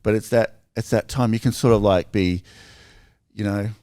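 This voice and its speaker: A man with an Australian accent, telling stories in a casual podcast chat, rambling and animated with lots of fillers. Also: on the low side, normal speed, smooth, no room sound, studio quality.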